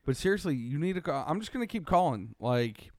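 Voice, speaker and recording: A man's voice: on the high side, sing-song, fairly quick, no echo, clean studio sound. A man co-hosting a casual podcast, teasing and joking. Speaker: podcast co-host.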